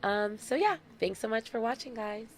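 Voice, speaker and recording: A woman's voice: on the high side, expressive, moderate pace. A woman of thirty hosting her own podcast alone, talking casually and playfully, with dramatic repetitions. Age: 30s. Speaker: podcast host. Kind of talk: casual solo podcast monologue.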